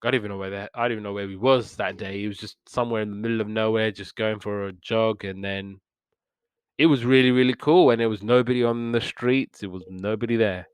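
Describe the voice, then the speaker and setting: A man's voice: fairly low pitch, steady tone, fast, clear, resonant tone, dry recording. A man hosting a podcast, casually retelling cartoon episodes in a rambling way with lots of fillers and restarts. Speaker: podcast host reviewing old cartoons. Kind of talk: casual review chat.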